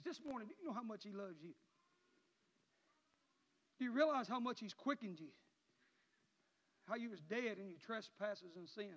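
A man preaching a sermon in a church, swinging between shouted passages and low, quiet murmurs. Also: normal speed, long pauses. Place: church sanctuary. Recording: muffled sound with long hall reverb.

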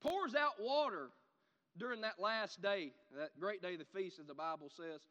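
A man preaching a sermon, animated, swinging from loud shouts to quiet asides. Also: high-pitched, a little fast, big-room sound, lo-fi sound.

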